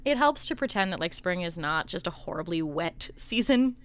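A woman's voice: fairly low pitch, expressive, moderate pace, fairly bright tone. A woman co-hosting a podcast, chatting casually and expressively, with casual swearing. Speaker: podcast co-host. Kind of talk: casual chat.

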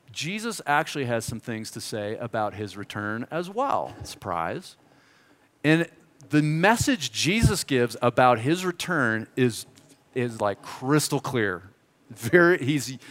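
A middle-aged American man preaching a sermon, telling a story in an animated, joking, conversational way. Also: medium pitch. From United States. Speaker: pastor. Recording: reverberant hall.

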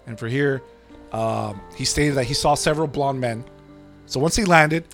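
A man's voice: medium pitch, moderate pace, creaky, soft background music. A man co-hosting a podcast, retelling a story in casual chat, swearing freely and acting out the quotes. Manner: profane, animated retelling with acted-out quotes. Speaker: podcast co-host.

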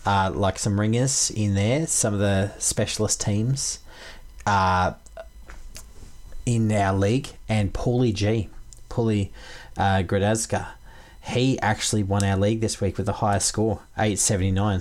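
A man's voice: fairly low pitch, steady tone, measured pace, a little mellow. A man hosting a podcast, upbeat and matey, throwing to his co-hosts. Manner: matey, upbeat, calls everyone mate. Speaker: podcast host. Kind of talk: casual podcast chat.

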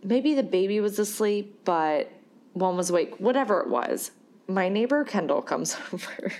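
A woman casually telling a personal story in a chatty, animated way, full of fillers and bursts of laughter. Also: medium pitch, moderate pace.

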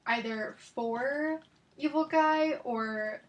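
A woman with a slightly high voice co-hosting a casual podcast. She chimes in with short quips and puns. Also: extremely slow, a little hiss or hum. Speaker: podcast co-host. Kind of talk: casual chat about a movie.

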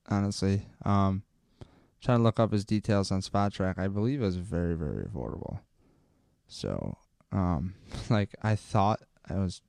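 A man's voice: lowish voice, darkish tone, clean tone, no echo, clean studio sound. Rambling man ranting about football. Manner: rambling, gets fired up and swears. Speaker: podcast host. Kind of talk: casual sports rant. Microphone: close microphone.

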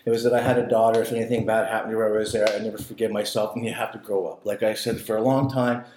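A man telling his life story in a casual chat, blunt and profane, getting animated when he retells scenes. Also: fairly low pitch, quick pace, reverberant, slight background noise, low-quality recording.

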